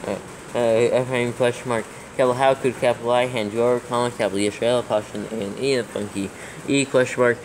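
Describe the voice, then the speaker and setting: Man, dictation reading, spoken punctuation, flat monotone, careful, faint background hiss. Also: medium pitch, brisk, low-quality recording. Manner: steady, careful, names every capital and comma aloud. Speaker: reader dictating scripture text.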